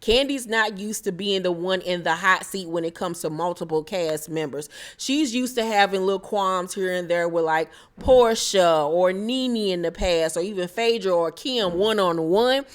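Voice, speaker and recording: A woman's voice: lowish voice, moderate pace, few pauses. A woman recapping a reality TV episode in casual commentary, blunt and profane, gossiping and laughing as she goes.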